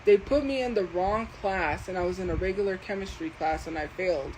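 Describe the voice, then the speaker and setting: A woman livestreamer talking slowly and deliberately as she defends herself against commenters in her chat. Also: on the low side, darkish tone, a little hiss or hum, rough recording. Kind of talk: live stream talking to chat.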